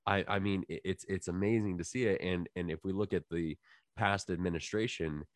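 A man with a very low, deep voice hosts a relaxed podcast chat. He rambles with fillers and restarts, laughing easily along the way. The sound is close and dry. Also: fairly quick, no room sound. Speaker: podcast host.

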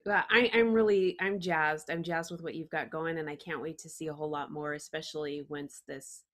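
A woman's voice: low-pitched, steady tone, fairly quick. Enthusiastic woman hosting an interview show. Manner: enthusiastic, effusive praise. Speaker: show host.

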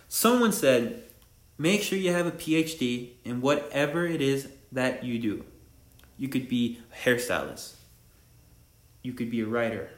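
A man's voice: mid-range voice, a bit bright. A young man hosting his own podcast, rambling casually in slang and laughing at himself as he talks about barbering. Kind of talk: casual solo podcast monologue. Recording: echoey room.

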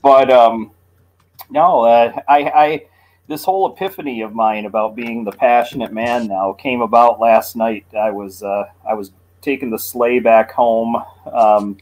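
A man in a casual podcast chat, speaking haltingly with many pauses and restarts. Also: medium pitch, a little mellow, poor audio.

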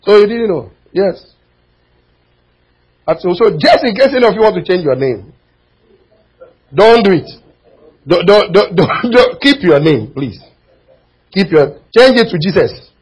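A male preacher delivering a sermon in church, his voice sitting high and a little husky. He swings between impassioned, almost shouted lines and quiet, low asides to the congregation. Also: sing-song, a little slow, pauses often, dull audio. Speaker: pastor.

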